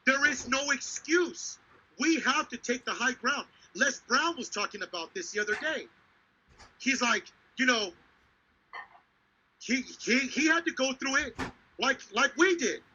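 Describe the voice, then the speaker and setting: Fired-up, profane man with a bright, high voice. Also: animated, measured pace, slight background noise. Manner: heated, profane, emphatic retelling. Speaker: show host. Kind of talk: live podcast storytelling. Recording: dull lo-fi sound.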